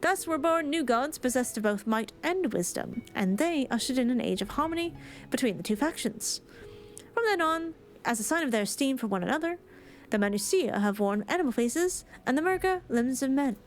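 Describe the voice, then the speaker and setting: A woman's voice: high voice, animated, normal speed, soft background music. A woman voicing an island lorekeeper telling an old myth in archaic phrasing. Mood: storytelling. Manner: archaic storytelling, read aloud.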